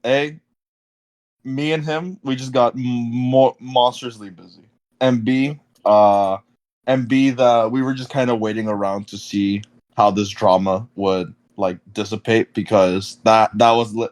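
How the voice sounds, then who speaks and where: A man's voice: fairly low pitch, steady tone, a little slow, a little mellow. Rambling young man hosting a podcast. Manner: rambling, many fillers and restarts. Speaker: podcast host. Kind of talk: casual interview chat.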